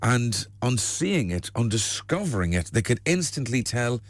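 A man's voice: medium pitch, very animated, normal speed, no echo. A man hosting a breakfast radio show, telling jokes in a cheeky way and laughing at his own punchlines. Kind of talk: joke-telling radio banter. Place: dry radio studio.

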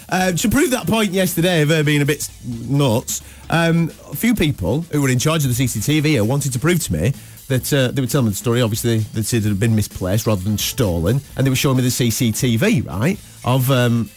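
Jokey radio host. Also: male voice, medium pitch, lively intonation, fairly quick, soft background music. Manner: jokey, rambling banter. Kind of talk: casual radio chat.

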